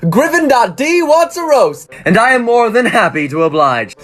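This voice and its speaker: A man's voice: very high voice, very animated, moderate pace, a bit bright. A man delivering a comedic roast in a mocking, punchy, teasing manner.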